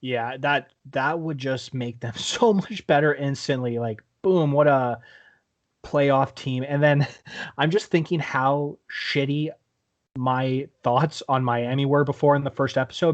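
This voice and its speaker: A Canadian man co-hosting a sports podcast, with a voice of middling pitch. He talks in an animated, loose way, drops swear words freely, and keeps cutting in with quick "yeah"s. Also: lo-fi sound. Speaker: podcast co-host. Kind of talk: casual sports chat.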